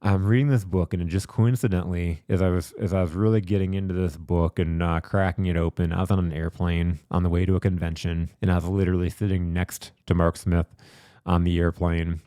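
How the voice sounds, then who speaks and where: A man's voice: low voice, level tone, a little fast, dark tone, no room sound, studio quality. A man hosting a podcast, telling candid personal stories in a rambling, reflective way with many repeated words. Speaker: podcast host. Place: studio.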